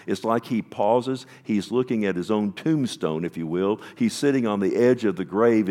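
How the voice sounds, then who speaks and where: A man's voice: on the low side, mellow. A man preaching a sermon, reading scripture aloud and stopping to comment and to ask the congregation questions.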